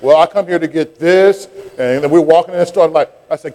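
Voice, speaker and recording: A man's voice: high-pitched, fast, hardly any pauses, dark tone. A middle-aged man, preaching a sermon and telling a childhood story with rising fervor. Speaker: pastor.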